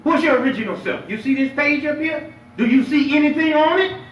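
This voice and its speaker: A man preaching a lively Friday sermon as imam, playful and emphatic, drawing responses from the congregation. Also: very high voice, fairly quick, muffled recording, a little hiss or hum. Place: mosque prayer hall. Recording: echoey hall, picked up from far off.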